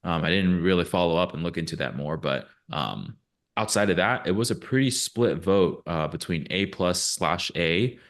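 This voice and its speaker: A man co-hosting a casual sports podcast, relaxed and hesitant with frequent fillers. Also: low-pitched, normal speed. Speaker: podcast co-host.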